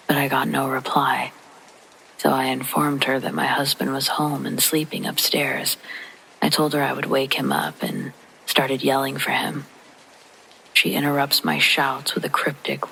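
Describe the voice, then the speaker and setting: Soft whispery bedtime horror narrator, gravelly and bright, light rain in the back. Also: mid-range voice, slight background noise, rough recording. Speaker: narrator of scary stories. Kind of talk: hushed sleep-story narration. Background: faint rain.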